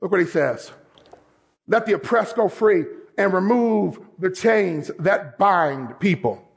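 High gravelly-voiced male preacher. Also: animated, takes it slowly. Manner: emphatic preaching that swells into shouts; mixes scripture reading with direct exhortation. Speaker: pastor. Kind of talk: sermon.

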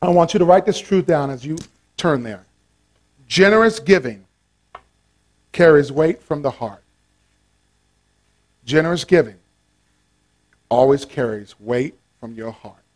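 High-voiced, lively man preaching. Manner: animated, playful preaching with call-and-response. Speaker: pastor. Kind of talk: sermon.

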